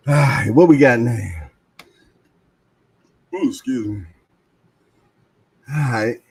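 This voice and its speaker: A livestream host keeps things laid-back and slangy, chatting casually and reading viewers' comments aloud. His medium-pitched voice sounds creaky with a breathy edge.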